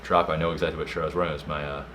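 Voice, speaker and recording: A young man co-hosting a casual podcast, telling a story with slang and loud acted-out quotes. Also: extremely low pitch, rapid-fire, slight background noise. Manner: animated storyteller, slangy, acts out quotes loudly. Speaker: podcast co-host.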